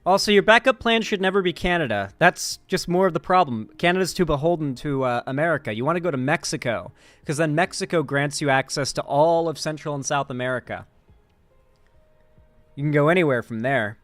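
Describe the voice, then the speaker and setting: A man's voice: fairly high pitch, animated, brisk, fairly bright tone, no room sound, soft background music. A young man hosting a political stream, reading chat and rambling casually with restarts.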